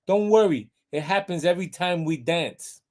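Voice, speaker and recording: A man's voice: sits high, animated, moderate pace, darkish tone, pitched above the performer's own voice. Breezy cheerful little mouse, read by a man.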